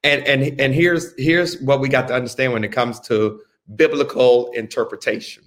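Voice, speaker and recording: A man teaching a Bible study as a pastor, speaking deliberately, repeating phrases and telling listeners what to underline and circle. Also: medium pitch, fairly even intonation, fairly bright tone. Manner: slow, deliberate, repeats phrases and gives instructions.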